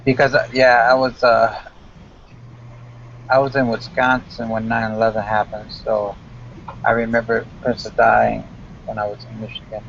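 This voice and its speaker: A man speaking haltingly in a casual group voice chat. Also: on the low side, flat delivery, vocal fry, fairly bright tone. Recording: lo-fi voice chat with faint noise.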